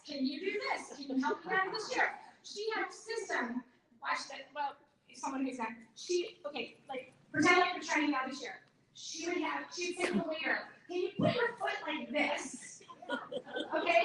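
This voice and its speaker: A woman giving a live workshop talk to an audience, animated and acting out other people's lines in a higher voice. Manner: animated, acts out her mother's lines in a higher voice. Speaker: workshop presenter. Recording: echoey room, far from the mic.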